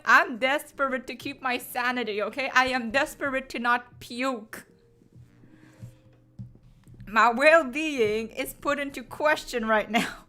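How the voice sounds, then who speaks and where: A woman's voice: high-pitched, takes it slowly, bright, forceful tone. A woman chatting casually on a stream, pleading and groaning with exaggerated drama to her viewers. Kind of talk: casual live-stream chat.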